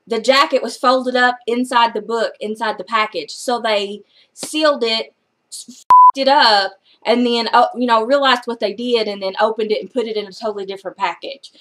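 An excitable woman vlogger with a somewhat high voice talks loosely through a book haul. She gushes over what she loves and drops the odd casual curse, all in easy chat. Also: moderate pace, slight background noise. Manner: chatty and excitable, gushing, casual swearing.

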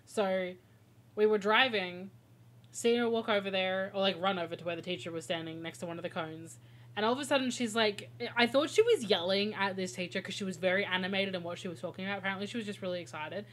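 During a video game stream, a woman talks casually with viewers at a quick pace, her mid-range voice a bit bright. She tells stories chattily and laughs a lot along the way.

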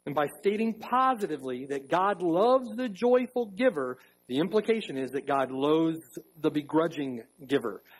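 A man preaching a sermon as pastor in a church, emphatic, repeating key phrases and slowing down to stress them. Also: on the high side, lively intonation, husky, poor audio. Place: church sanctuary.

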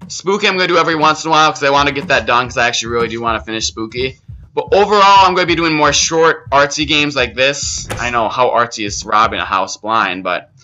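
Goofy young man with a very bright voice. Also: mid-range voice, lively intonation, quick pace, a little hiss or hum. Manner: goofy, rambling, self-mocking jokes. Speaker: gaming channel host. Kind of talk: gameplay commentary. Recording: dull lo-fi mic.

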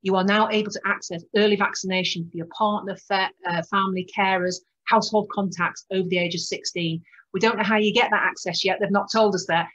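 A British respiratory doctor gives a conversational conference talk aimed at patients, with many restarts and fillers as she goes. Her voice is medium-pitched, fairly even and fairly bright, and she speaks briskly. The recording is lo-fi.

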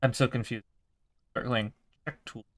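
A man's voice: medium pitch, steady tone, measured pace, no room sound. A young man giving casual, swearing let's-play commentary while he plays a game. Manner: chatty, swears casually, talks to himself. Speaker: gaming video creator.

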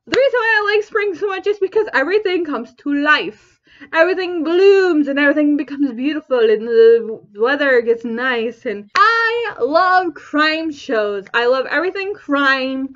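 A woman's voice: high voice, expressive, a little slow, fairly bright tone. A young woman vlogger rambling casually to camera, often laughing and restarting her sentences. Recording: dull lo-fi recording.

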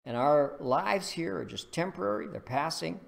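A male pastor delivering a sermon in a gravelly voice with a touch of vocal fry. He speaks earnestly and deliberately, moving from scripture reading into storytelling and prayer. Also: on the high side, expressive.

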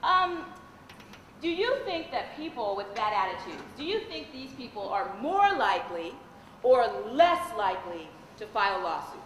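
A woman, a lawyer and corporate trainer, giving a lively live training talk and questioning the audience. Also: fairly high pitch, normal speed, a little hiss or hum. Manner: animated, engages the audience with questions. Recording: echoey hall with long reverb.

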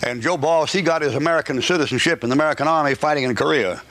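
A man's voice: on the high side, very fast, fairly bright tone. A man preaching a live sermon at a church service, folksy and joking, rambling with restarts. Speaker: pastor.

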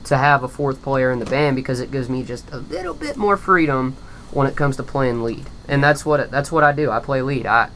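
Bright-voiced guitarist talking fast and eager. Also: male voice, mid-range voice, slight background noise. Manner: eager, talks in quick bursts with restarts. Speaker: guest musician, lead guitarist and singer. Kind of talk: casual interview chat. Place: hot backyard shed.

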